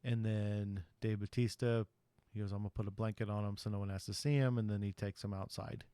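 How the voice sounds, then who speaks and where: Low-voiced man recapping a movie. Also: steady tone, fairly quick, warm tone, clear, resonant tone, no echo. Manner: rambling, chatty retelling with frequent ums and you-knows. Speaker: podcast host.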